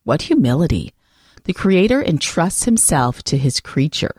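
Lively, low-pitched Catholic radio host woman. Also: normal speed, slightly rough, no room sound, studio quality. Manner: expressive, emphatic, earnest.

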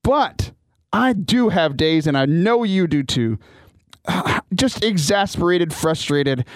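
Man, podcast host, earnest, upbeat, restarts a lot, voice on the high side, dry studio sound. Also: dry recording. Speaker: podcast host and youth missionary. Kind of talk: casual podcast talk.

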